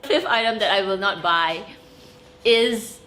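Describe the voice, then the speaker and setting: A woman's voice: medium pitch, measured pace, a little hiss or hum. A young woman, chatting animatedly to camera in a vlog, stressing points with "okay?". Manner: animated, emphatic, frequent laughs and "okay?". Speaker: vlogger. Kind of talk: casual chat to camera.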